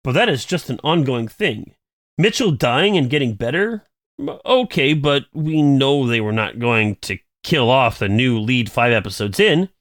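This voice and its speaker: Male co-host reading mail, animated pitch, dry booth sound. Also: a little slow, no room sound. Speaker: podcast co-host. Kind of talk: reading a listener email aloud, then casual chat.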